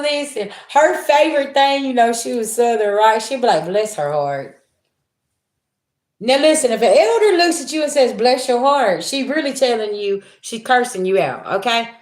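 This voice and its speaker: A woman giving a casual livestream talk as a spiritual reader, folksy and chatty, calling her viewers y'all. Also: medium pitch. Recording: roomy echo.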